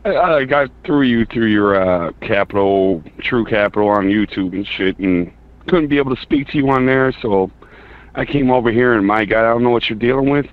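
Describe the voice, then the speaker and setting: A man's voice: medium pitch, normal speed. A man from Chicago calling into a radio show and arguing back in a casual, blunt, slangy way. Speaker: caller. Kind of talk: argumentative call-in. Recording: tinny phone line.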